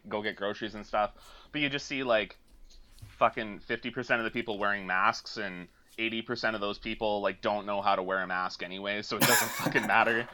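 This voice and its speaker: A man's voice: fairly low pitch, bright, forceful tone, muffled recording. A man from Alberta, Canada, a podcast guest chatting casually and swearing freely, laughing often over a remote call. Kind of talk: casual chat.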